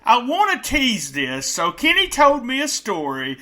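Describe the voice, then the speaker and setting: A man with a high, bright voice hosts a podcast. He keeps his interjections short and steers the talk along with lively pitch. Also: a little slow. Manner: brief interjections, steering the conversation. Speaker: podcast host. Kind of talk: casual chat.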